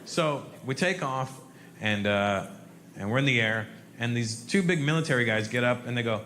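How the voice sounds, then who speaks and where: A man doing a stand-up comedy routine, telling an animated story and shouting out sound effects. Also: mid-range voice, moderate pace. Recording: echoey live room, faint noise.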